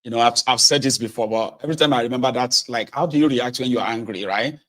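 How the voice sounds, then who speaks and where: A middle-aged man, hosting casual political commentary with sardonic, animated delivery. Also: mid-range voice, fast. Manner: animated, sardonic, swinging between mutters and outbursts.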